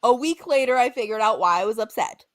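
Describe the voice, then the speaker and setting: A woman in her twenties co-hosts a podcast, speaking quickly with a fairly high voice. In casual chat she tells stories in an animated, dramatic way, acting out what people said.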